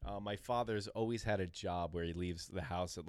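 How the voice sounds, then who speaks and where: A man in casual chat, telling rambling hometown stories with halting restarts. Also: deep voice, clear, resonant tone, dry recording, clean studio sound.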